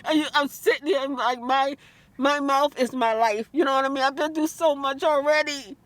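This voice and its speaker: Woman, vlogger, high pitch, fast heated talk, tearful, emotional rant. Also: fairly even intonation, a bit bright, no echo.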